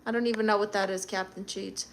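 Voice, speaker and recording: A woman's voice: medium pitch, fairly even intonation, quick pace, slight background noise. A middle-aged woman with a Brooklyn accent, hosting a live stream and reading chat comments aloud with blunt, sassy comebacks.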